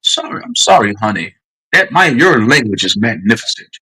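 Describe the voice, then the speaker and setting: A man doing a pompous, over-formal educated gentleman with a lower, stiff, proper voice. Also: big pitch swings, normal speed, breathy edge, heavily acted, poor audio. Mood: prim scolding. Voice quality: overly proper, pompous diction.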